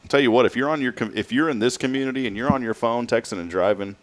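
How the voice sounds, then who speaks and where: A man's voice: medium pitch, quick pace. A man hosting a morning talk show, rambling and often restarting his sentences. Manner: rambling, self-interrupting, chatty. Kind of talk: casual chat.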